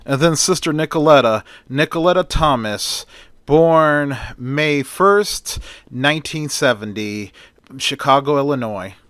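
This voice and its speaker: A man's voice: a little high, measured pace, fairly bright tone, no room sound. A man telling a homemade hero story in a plain, chatty way, stringing events with "and then". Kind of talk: casual amateur storytelling.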